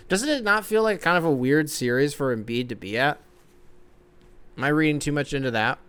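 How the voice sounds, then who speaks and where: A young man hosting a sports podcast, ranting profanely and excitably, swinging between loud outbursts and low mumbles. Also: clear, resonant tone. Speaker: podcast host.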